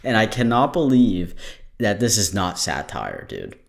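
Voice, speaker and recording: Deep-voiced tired man, joking. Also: wildly swooping pitch, measured pace, vocal fry. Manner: joking, rambling, swears freely. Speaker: podcast host. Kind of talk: casual podcast chat.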